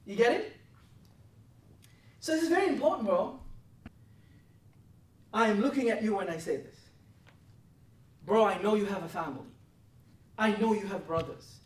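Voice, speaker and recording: A high-pitched woman delivers a fierce, profane talk to her traders and keeps demanding that they answer her. She is picked up from a distance in an echoing meeting room. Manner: intense, blunt, profane, presses for answers. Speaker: trading desk head. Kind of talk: confrontational mentoring talk. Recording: roomy, from a distance.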